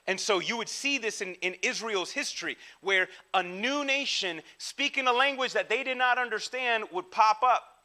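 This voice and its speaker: A male pastor giving a conversational sermon in a casual, slangy, animated way, with frequent restarts. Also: high voice, moderate pace, few pauses.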